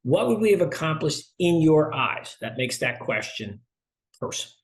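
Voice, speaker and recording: A middle-aged man, a sales consultant being interviewed, who talks in a lively way and acts out dialogue while telling stories. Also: on the high side, normal speed. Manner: animated storyteller, acts out dialogue. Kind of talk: conversational interview.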